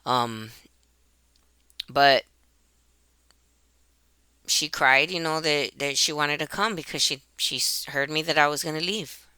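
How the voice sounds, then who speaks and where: Woman, mother recounting events, halting with repeated words, very smooth clear voice, dry close sound. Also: low voice, bright, forceful tone, no room sound. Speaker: mother telling a personal story. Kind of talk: emotional personal storytelling to camera. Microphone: webcam.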